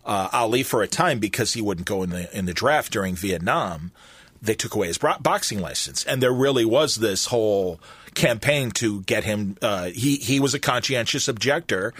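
A man in his fifties hosting a podcast in a studio, telling stories in a lively, chatty way. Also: fairly low pitch, normal speed, husky, no room sound. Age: 50s. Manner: animated storytelling with quoted voices. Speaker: podcast host. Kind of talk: casual chat. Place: recording studio.

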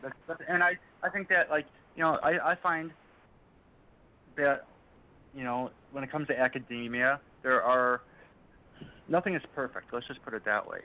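A man talks as a guest in a relaxed interview, driving his points home and repeating pointed questions for emphasis. His voice sits at a middle pitch. The audio is narrow and tinny, like it is heard over a telephone. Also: normal speed, pauses often. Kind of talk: casual interview chat. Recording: tinny phone-like line.

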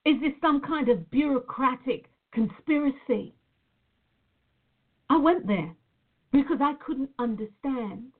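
A woman's voice: sits high, expressive, measured pace, pauses often. A woman from Nevada, a reflexologist, talking earnestly and reflectively to her viewers as "guys" in a casual spiritual talk. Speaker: reflexologist sharing a personal reflection. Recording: tinny phone-like audio.

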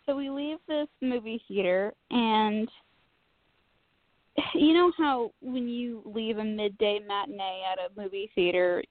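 A woman telling a story in casual chat, animated and self-mocking, swearing freely. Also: medium pitch, a little slow, dry recording. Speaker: podcast co-host. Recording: tinny phone-like line.

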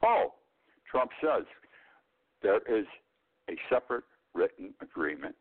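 A man's voice: fairly low pitch, very animated, measured pace, breathy edge. A man in his eighties, an older host giving a blunt, rambling monologue of political commentary. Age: 80s. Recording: tinny phone-like line.

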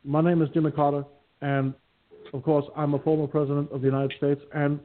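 A man's voice: fairly high pitch, level tone, natural voice. A man doing a folksy old ex-president. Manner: folksy, brisk delivery. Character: folksy older male ex-president. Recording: phone-like lo-fi line.

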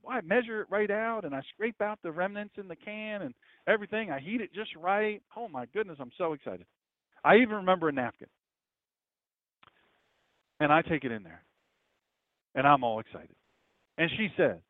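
A male preacher tells stories with animation, often repeating himself for emphasis. His voice sits somewhat high. The sound is dry and narrow, like a phone line. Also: moderate pace, long pauses, dry recording. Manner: animated storytelling, repeats phrases. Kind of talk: sermon-style talk.

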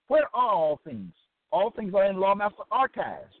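Preacher, man, somewhat high voice, dry phone-like audio, keeps asking rhetorical questions. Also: sing-song, normal speed, dry recording. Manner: repetitive rhetorical questions, frequent "okay?". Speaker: religious teacher. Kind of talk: preaching lecture. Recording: tinny dry phone-line sound.

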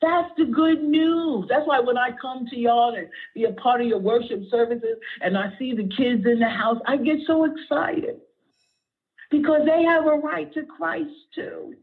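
Speaking a little slowly, a middle-aged woman pastor uses a high, breathy voice in a fervent sermon. Close to tears at moments, she draws responses from the congregation. The recording sounds thin and phone-like.

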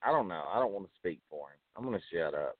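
A man's voice: deep voice, animated, fast, no echo. A man co-hosting a podcast, rambling and hedging in casual profane talk. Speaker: podcast co-host. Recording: dry, phone-like narrow sound.

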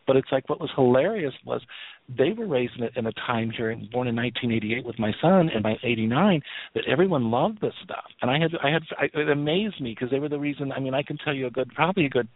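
A psychic guest in his fifties calls into a radio show, his voice medium-pitched with lively intonation and a fast delivery. The phone line sounds tinny and dry as he tells rambling, casual family stories, laughing and restarting frequently.

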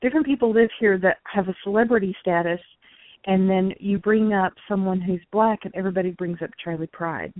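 A woman's voice: medium pitch, a little fast, no room sound. A woman in her forties, a guest speaking earnestly in casual conversation, sometimes slipping into a preachy tone. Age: 40s. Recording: tinny phone line, dry.

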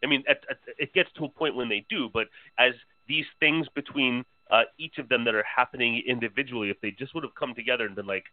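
A man co-hosting a casual horror film podcast, building his point in a measured, step-by-step way. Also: mid-range voice, dry recording. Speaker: podcast co-host. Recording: dry phone-like sound.

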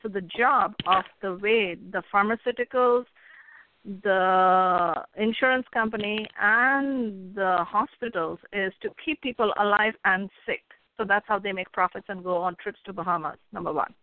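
A woman's voice: medium pitch, normal speed. Woman guest coach, earnest advice-giver, tinny phone line with faint hiss. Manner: earnest, advising, tells folksy stories. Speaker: guest, author and hypnotherapist coach. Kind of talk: casual interview talk.

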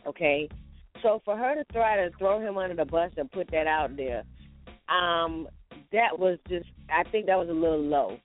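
A man co-hosting a casual morning talk show, giving his opinions plainly. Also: a little high. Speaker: co-host. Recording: tinny phone-like lo-fi audio.

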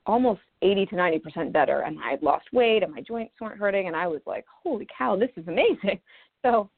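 A woman's voice: lowish voice, lively intonation, fast talker. A woman in her thirties from Maryland, a naturopathic doctor telling her own story in a chatty interview, acting out quotes as she goes. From Maryland, USA. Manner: chatty, with quoted asides and laughs. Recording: phone-line sound.

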